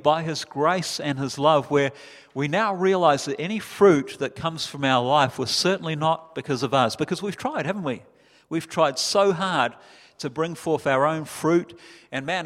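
A man preaching a sermon as pastor, building from calm reflection to loud, impassioned climaxes. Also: on the high side. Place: church hall. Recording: reverberant church hall.

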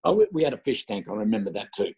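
A man's voice: on the low side, sing-song, very fast, darkish tone, husky, rough recording. An older man preaching a sermon, telling stories and repeating phrases for emphasis. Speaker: pastor.

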